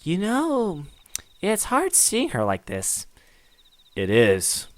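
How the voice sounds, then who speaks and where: A man's voice: high-pitched, huge pitch swings, drawn-out words, pitched above the performer's own voice, heavily acted. A man voicing a worried young man who blames himself, talking anxiously and earnestly. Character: worried young man, guilt-ridden and unsure.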